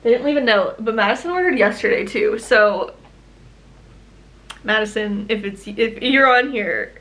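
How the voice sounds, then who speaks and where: A woman running a small business, chatting casually in a vlog, gushing and excitable with lots of fillers, teary and emotional. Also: a little high, moderate pace, rough recording. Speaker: small business owner vlogging.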